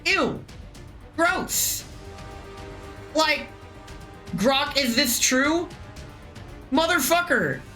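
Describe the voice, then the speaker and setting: A woman's voice: sits high, bright, forceful tone, rough recording. A woman live-streaming a game, chatting in a joking, profane, rambling way. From United States. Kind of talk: casual live-stream chat while playing a game.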